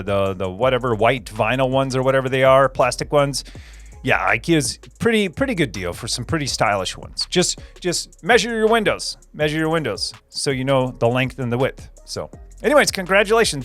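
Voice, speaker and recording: Man, young adult, fairly high voice, tech livestream host, rambly and repetitive, faint music bed. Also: fairly bright tone, no room sound. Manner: rambling, repeats phrases, many fillers and restarts. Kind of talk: casual livestream chat answering viewers.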